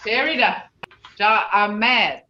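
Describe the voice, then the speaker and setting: Over a roomy, distant, dull-sounding video call with a noisy background, a woman with a medium-pitched voice teaches an online language class slowly. She patiently calls on students one at a time and coaches each through every phrase.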